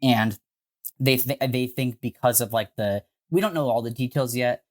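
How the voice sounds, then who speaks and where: A man co-hosting a podcast, telling a story in a casual, animated way with frequent swearing and filler words. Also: medium pitch, moderate pace. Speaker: podcast co-host.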